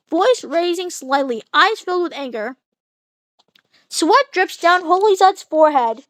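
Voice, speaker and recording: A woman reads her own fanfic aloud in a plain, casual way and stops now and then to talk to her listeners. Her voice sits very high. The sound is dry and close to the mic. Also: lively intonation, unhurried, fairly bright tone, no echo. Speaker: channel host reading a fanfic.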